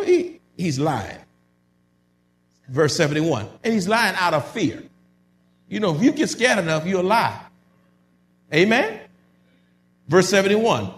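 A man preaching a sermon, reading scripture slowly and then breaking into loud, emphatic commentary. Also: a little high, slight background noise. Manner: builds from measured reading to loud emphatic bursts.

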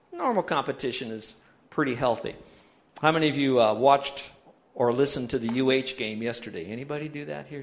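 A man's voice: a little high, fairly bright tone. Man preaching an emphatic sermon. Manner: emphatic preaching, leads the congregation in call-and-response reading. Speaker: pastor. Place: church sanctuary.

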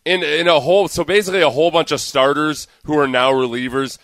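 Sarcastic sports radio co-host, dry sound. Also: male voice, a little high, fairly even intonation, fast, a bit bright, no room sound.

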